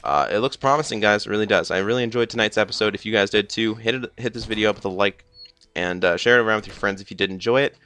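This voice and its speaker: A man's voice: on the low side, fast, fairly bright tone. A young man giving a casual TV episode review, rambling with lots of fillers, a little groggy and slurring as if he just woke up. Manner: rambling, filler-heavy with many "like" and "uh".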